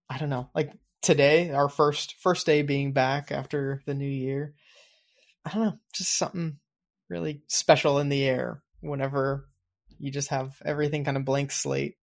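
A man's voice: medium pitch, flat delivery, a little slow. A man co-hosting a podcast in casual chat, rambling and reflective, with many fillers. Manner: reflective, explains his planning habits at length. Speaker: podcast co-host.

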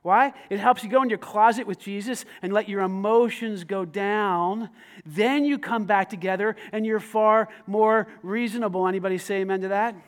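A man with a high voice preaching a sermon. He is animated, swinging between loud, emphatic lines and quiet asides. He talks conversationally and keeps asking the congregation questions. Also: normal speed. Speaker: pastor.

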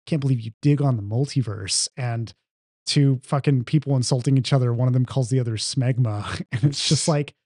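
A man's voice: mid-range voice, fairly quick, darkish tone, no room sound. A man with a mid-range voice chats about movies, cursing and laughing as he goes. The sound is dry and close to the mic, with no room around it. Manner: profane, jokey, laughs often. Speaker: podcast co-host. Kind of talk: casual film review chat.

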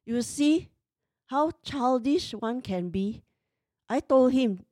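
A woman's voice: high-pitched, expressive, slow, long pauses, warm tone, dry recording, studio quality. A woman in her fifties tells a personal story in an emotional, exasperated way. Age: 50s.

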